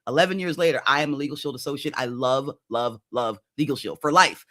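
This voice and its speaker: Bright-voiced woman in her fifties, talkative. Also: very deep voice, fairly quick. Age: 50s. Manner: lively, conversational, keeps checking in with "right?". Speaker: executive coach guest. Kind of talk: personal story in an interview.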